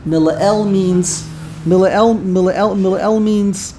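Woman, teacher, Torah grammar class, emphatic, repetitive, echoey room, middle pitch. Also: fairly even intonation, slow pace, dark tone, slight background noise. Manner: emphatic, repeats words while correcting pronunciation.

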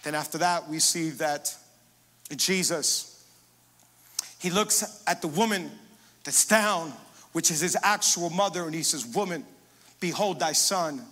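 Man, pastor, sermon, emphatic preaching, high voice, bright tone. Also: a little slow, pauses often, big-room sound. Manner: emphatic preaching, swings between hushed and loud.

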